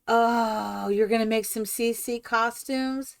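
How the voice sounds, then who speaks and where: Excitable, gushing woman streamer. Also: on the high side, takes it slowly, creaky, dry recording, studio quality. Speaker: streamer host. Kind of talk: live-stream chat while building in a game.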